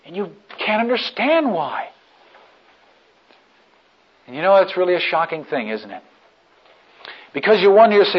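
Male preacher with a slightly high voice, retelling a scene with hushed lows and loud peaks, on a dull old recording. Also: very animated, moderate pace, long pauses, breathy edge. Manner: dramatic storytelling, swings from hushed to shouting. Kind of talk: sermon.

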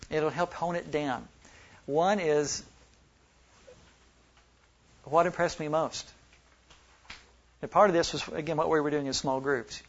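A man from Oklahoma and Texas teaching a Bible study workshop, who slows down to stress single words when he reads scripture. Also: on the high side, lo-fi sound.

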